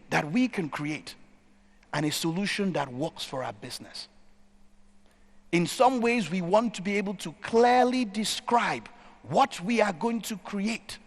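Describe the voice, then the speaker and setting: A man's voice: high-pitched, gravelly. A man giving a conference keynote, telling a story and stressing points by repeating them. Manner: storytelling, emphatic repetition. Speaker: keynote speaker. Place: conference stage in a large hall. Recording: hall reverb.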